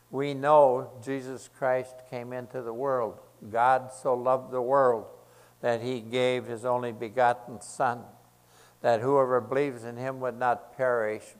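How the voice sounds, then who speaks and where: A man's voice: medium pitch, smooth, rough recording. A man preaching a sermon in an earnest way, building his points through repeated phrases.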